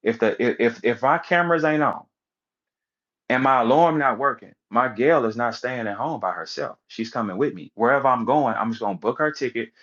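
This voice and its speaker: A man's voice: mid-range voice, fairly quick, a bit bright, lo-fi sound. A man giving a casual, emphatic rant as a commentator, repeating words and acting out the people he quotes. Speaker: battle rap commentator.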